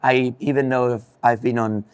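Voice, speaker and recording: A man's voice: medium pitch, flat delivery, moderate pace, smooth, no echo. A young man with a Spanish accent, a racing driver, answering interview questions thoughtfully with frequent ums and restarts.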